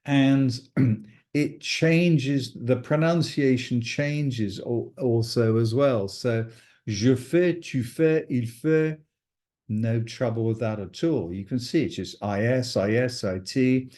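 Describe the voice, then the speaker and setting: A man teaching French in an unhurried, mellow voice. He drills each verb form patiently and repeats it, speaking slowly enough for learners to follow. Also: mid-range voice. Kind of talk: recorded language lesson.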